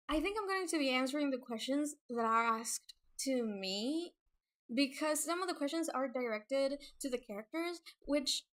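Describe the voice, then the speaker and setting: Nervous giggly young woman streaming, slow. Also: high-pitched. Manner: nervous, giggly, halting with many fillers. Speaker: webcomic creator streaming. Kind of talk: casual livestream chat.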